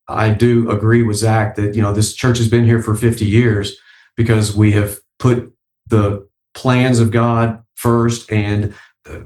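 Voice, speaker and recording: A man's voice: fairly low pitch, darkish tone, roomy sound. A man speaking as a church leader guest on a podcast, earnest and hesitant with many fillers.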